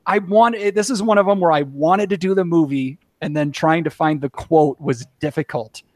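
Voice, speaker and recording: A man's voice: fairly high pitch, moderate pace, a little mellow, no echo. Chatty man hosting, dry close sound. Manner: chatty, with many filler "uh"s. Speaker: podcast host. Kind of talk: casual podcast hosting.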